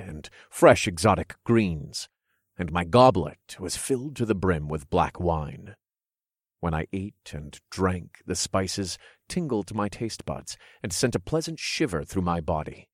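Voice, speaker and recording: A man narrating a first-person fantasy novel in a steady, measured reading on a close mic. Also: low voice, no room sound. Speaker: audiobook narrator.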